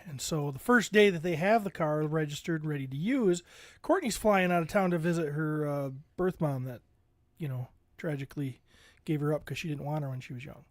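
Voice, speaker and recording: A man's voice: on the high side, fairly quick, dry recording. A man in his forties, a podcast co-host, telling a long story to friends and acting out the voices he quotes. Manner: animated storyteller, acts out quoted voices, laughs often. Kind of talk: casual storytelling among friends.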